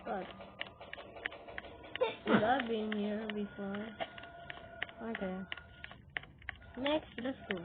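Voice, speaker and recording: A woman giving excitable gaming commentary while she plays, shrieking when scared and giggling. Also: mid-range voice, slow, long pauses. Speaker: Roblox player. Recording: tinny lo-fi capture with noise.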